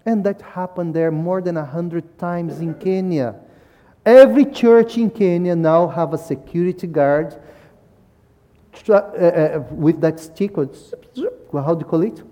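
A man's voice: on the high side, measured pace, mellow, dull audio. A man from Brazil, giving a talk with slides at a church service and ending most sentences with "yeah?". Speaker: missionary speaker.

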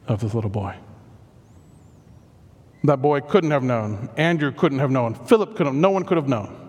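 A man preaching a sermon as animated storytelling, with self-deprecating asides. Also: medium pitch, in a large hall. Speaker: pastor.

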